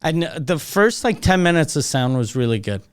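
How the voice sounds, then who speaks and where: A man's voice: on the high side, sing-song, moderate pace, smooth. A man co-hosting a comedy podcast, asking questions and teasing in casual chat. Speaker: podcast co-host.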